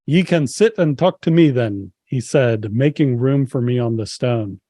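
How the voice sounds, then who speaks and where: A tall, bearded old Scotsman with a gentle, welcoming manner, as a man reading aloud puts him on. The Scottish accent is put on lightly over a mid-pitched voice. The sound is close and dry. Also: measured pace, no echo, lightly acted. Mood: inviting.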